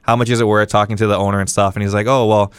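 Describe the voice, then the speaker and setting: A young man from Hawaii telling a story casually as a podcast guest, animated and full of fillers and quoted dialogue. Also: fairly low pitch, smooth, no room sound, studio quality. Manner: fast, animated, lots of fillers and acted-out quotes. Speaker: guest streamer.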